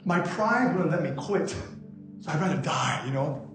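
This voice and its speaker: A young man from Korea preaching a passionate sermon as a youth pastor, moving between quiet confession and shouted exhortation. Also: on the high side, expressive, moderate pace. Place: church sanctuary. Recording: very echoey hall with loud music behind.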